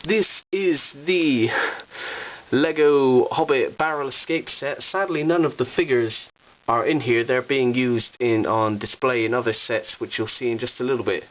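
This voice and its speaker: A toy collection vlogger with a mid-range voice speaks a little slowly as he gives an upbeat, chatty show-and-tell tour of his collection, adding playful asides. He's in a room at home with display shelves, recorded on a cheap digital camera whose audio is dull with faint hiss.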